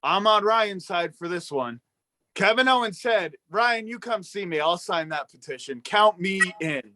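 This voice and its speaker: A man voicing an excitable male puppet with a raspy, shouty voice, hollering through podcast banter. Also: high-pitched, unhurried, heavily acted. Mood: excited. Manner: yelling excited exclamations. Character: loud excitable male puppet, scrappy hustler.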